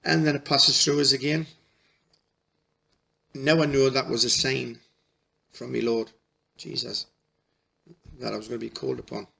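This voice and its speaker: Gravelly man, halting storyteller. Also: mid-range voice, little pitch movement, bright, forceful tone. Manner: halting, repeats and restarts, folksy dialect. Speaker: spiritual healer. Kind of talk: emotional personal storytelling.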